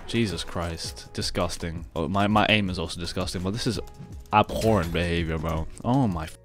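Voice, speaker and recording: A young man giving casual, sarcastic commentary on his own gameplay, just woken up and low on energy, tacking "bro" onto everything. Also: normal speed, over loud music. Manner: sarcastic, exasperated, says "bro" constantly. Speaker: gaming video creator.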